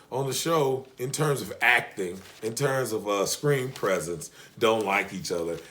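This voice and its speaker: Brief: male recap vlogger, low-ish voice, animated, profane and joking. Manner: animated, profane, joking, asides to his wife. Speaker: TV show reviewer. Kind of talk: casual recap chat.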